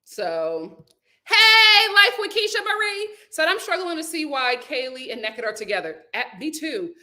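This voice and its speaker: Hosting a laid-back live stream, a young woman reads viewers' comments aloud and chats with energy and plenty of laughter. Her voice is high-pitched and her pace is measured.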